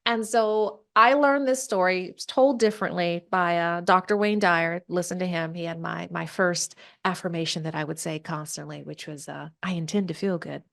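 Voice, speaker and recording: Animated woman telling a story. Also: lowish voice, normal speed, vocal fry, hardly any pauses. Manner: animated, acts out quoted voices. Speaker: podcast guest. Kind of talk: storytelling in conversation.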